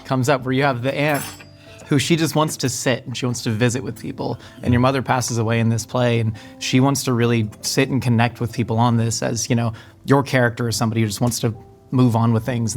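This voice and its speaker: A man hosting a casual interview over a meal, asking questions in a relaxed, slangy, encouraging way. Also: medium pitch. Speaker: host.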